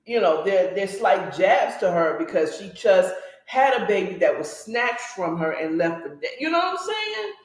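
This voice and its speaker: A woman's voice: fairly low pitch, moderate pace. A woman casually recapping a story with blunt, opinionated commentary, talking straight to her listeners. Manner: animated, blunt and opinionated, talks to listeners directly. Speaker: book recap host. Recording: roomy echo.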